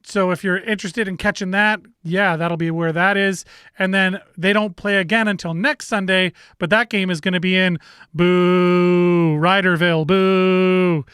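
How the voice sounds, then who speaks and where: A man's voice: high voice, steady tone, normal speed, sharp tone, clean tone, no room sound, studio quality. A man hosting a casual sports talk show, rambling and self-correcting with easy laughs. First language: bilingual in French.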